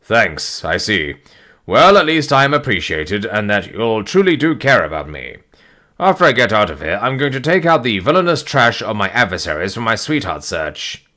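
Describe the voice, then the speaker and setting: A man's voice: fairly low pitch, big pitch swings, moderate pace, bright, forceful tone. A man reading as an eager, boastful comic hero. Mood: excited. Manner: eager, self-important.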